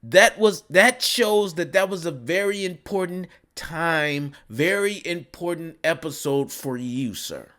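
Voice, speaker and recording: A man in a mocking, scolding commentary rant. His voice sits a little high and swings widely in pitch. He takes his time, drawing out each insult. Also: lively intonation, takes it slowly, few pauses, fairly bright tone. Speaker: commentary vlogger. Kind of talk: ranting commentary.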